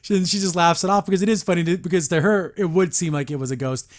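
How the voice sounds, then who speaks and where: A man hosts a podcast, reviewing an episode in casual, opinionated chatter. His voice sits slightly high, and he often jumps into lively put-on character lines before dropping back into commentary. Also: fast.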